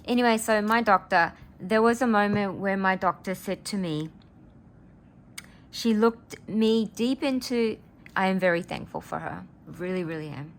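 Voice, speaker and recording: A woman's voice: mid-range voice, normal speed. A woman, telling a personal story in a casual vlog, earnest and rambling as she gets emotional. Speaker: vlogger.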